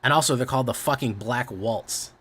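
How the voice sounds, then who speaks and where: A man's voice: mid-range voice, a little fast, pushed and bright, husky. A man streaming, chatting casually, rambling and often correcting himself, with a lot of swearing.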